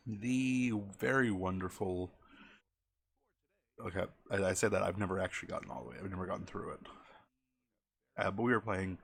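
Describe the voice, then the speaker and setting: A man's voice: sits low, animated, normal speed, vocal fry, long pauses, fairly bright tone. A man chatting casually as a game streamer, rambling and often correcting himself mid-sentence.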